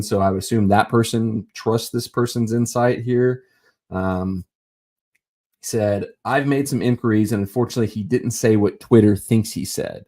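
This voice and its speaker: A man talks sports by himself on a live stream. His voice sits a little low, and he wanders through his points with lots of fillers and restarts. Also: darkish tone. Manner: rambling, many fillers and restarts. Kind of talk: casual solo sports talk.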